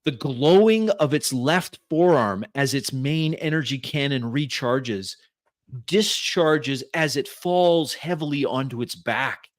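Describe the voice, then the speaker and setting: A man narrating a tabletop game as game master, describing scenes slowly and deliberately. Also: mid-range voice, dry recording, studio quality.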